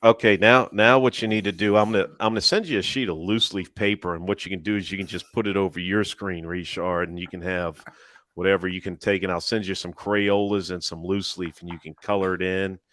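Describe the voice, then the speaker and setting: Man, low voice, joking storyteller, teasing, profane, dry close mic. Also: fairly even intonation, a little fast, fairly bright tone, no echo. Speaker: panelist on a live chat show. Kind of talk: casual chat.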